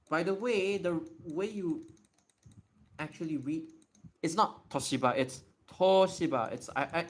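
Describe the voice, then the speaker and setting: Thinking aloud during a casual livestream Q&A as he writes, a man keeps correcting himself and apologizing. His tone is fairly bright and his voice a little high.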